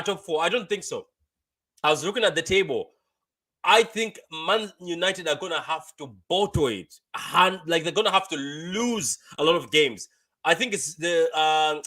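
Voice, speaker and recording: Streaming live football reactions for his fan channel, a young man talks in a slightly high, bright and forceful voice. He's chatty, laughs easily, repeats phrases, and reads out comments from viewers.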